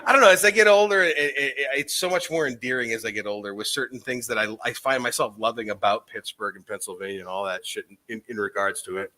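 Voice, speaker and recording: A man's voice: mid-range voice, fast talker, hardly any pauses, pushed and bright. A man co-hosting a casual podcast, rambling, laughing and swearing, a bit tipsy after drinking. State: has been drinking. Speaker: podcast co-host. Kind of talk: casual chat.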